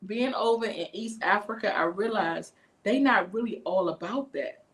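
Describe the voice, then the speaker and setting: Animated, profane D.C. woman. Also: medium pitch, normal speed. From Washington, D.C. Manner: animated, profane, acts out quotes. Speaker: livestream host. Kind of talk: casual livestream chat, storytelling.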